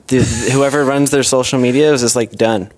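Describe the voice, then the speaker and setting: A man's voice: medium pitch, steady tone, normal speed, darkish tone, no echo. A young man as a podcast guest, telling stories in a laid-back, slangy way. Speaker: podcast guest, content creator. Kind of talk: casual podcast chat.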